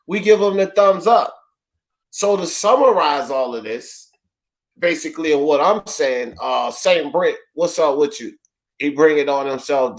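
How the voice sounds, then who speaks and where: A man hosting a casual sports talk panel, rambling through a summary and calling on his panelists by name. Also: a little high. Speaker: host of a sports talk show.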